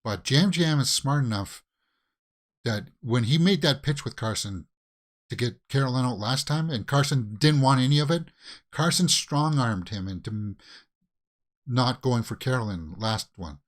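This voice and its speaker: Lively Canadian man reacting to a show. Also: mid-range voice, normal speed. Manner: talks back at the screen, pleading and exasperated. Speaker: reaction video host. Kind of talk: casual watch-along commentary.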